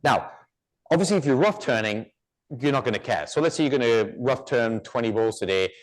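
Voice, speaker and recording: A man's voice: mid-range voice, expressive, a little fast. A man giving a live woodturning demonstration, chatty and joking, with rambling asides.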